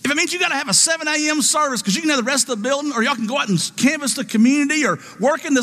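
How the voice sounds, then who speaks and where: A man preaches to his congregation, pressing his points and asking them for an amen. His voice sits high and rings bright and forceful. The sanctuary gives it a long, hanging reverb. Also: expressive, fast talker, hardly any pauses. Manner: emphatic, call-and-response with congregation. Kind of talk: sermon.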